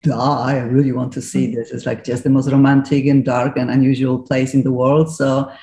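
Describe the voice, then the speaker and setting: A woman's voice: extremely low pitch, flat delivery, moderate pace, warm tone, roomy sound. A middle-aged woman from Poland with a Polish accent, hosting a radio interview in eager, slightly broken English. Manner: enthusiastic, lightly broken English. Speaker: radio host.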